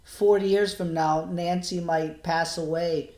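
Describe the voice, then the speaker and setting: Halting, subdued man in an echoey room. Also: on the high side, steady tone, a little mellow. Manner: halting and subdued, with many pauses and restarts. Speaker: vlogger. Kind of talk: personal video diary.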